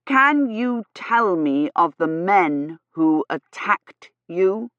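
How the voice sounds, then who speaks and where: A woman reading aloud, voicing a young knight who speaks slowly and stresses every word. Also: lowish voice, a bit bright, no room sound. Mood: deliberate. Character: earnest young knight, slow and over-distinct. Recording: slightly dull, dry audio.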